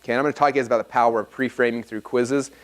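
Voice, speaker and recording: Speaking at a live seminar, this thirtysomething man tells fast, animated stories, playing both roles in the conversations he recounts. His medium-pitched delivery stays energetic throughout.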